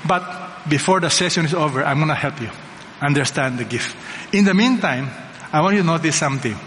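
A man preaches a sermon in a large church hall, his slightly high voice carrying a long reverb. He drives each point home with emphatic repetition and rhetorical questions to the congregation. A faint background hum sits under the room. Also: a little fast, a bit bright. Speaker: pastor.

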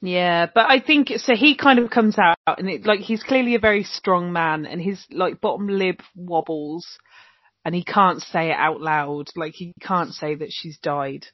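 A woman's voice: on the low side, unhurried, no room sound. A woman co-hosting a podcast, recapping a TV episode in casual, sweary chat full of ums. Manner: chatty, swearing, many ums. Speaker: podcast co-host. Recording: dull lo-fi dry recording.

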